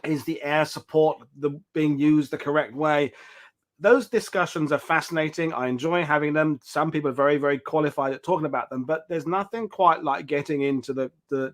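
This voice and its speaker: A man's voice: on the high side, fairly quick. A man hosting a history show, chatting casually and reflectively and thinking aloud as he talks. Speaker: show host. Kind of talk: casual discussion.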